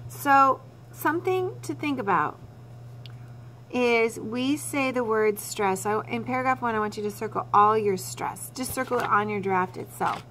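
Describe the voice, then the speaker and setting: A woman's voice: a little high, moderate pace, fairly bright tone, slight background noise. A woman teacher giving a recorded writing lesson to her students. She talks them through their drafts step by step and repeats the key points.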